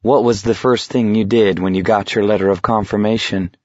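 A man reading a hard-edged teenage boy who talks bluntly and wryly to steady his friend. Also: on the low side, a little fast, dry recording, dull audio, natural voice. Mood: soft. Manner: blunt, coaxing, sardonic.

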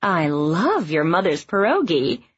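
A woman reading aloud, voicing a playful young woman dancer with an unhurried, teasing manner. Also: lowish voice, very animated, slightly rough, dry recording, lo-fi sound, exaggerated voice.

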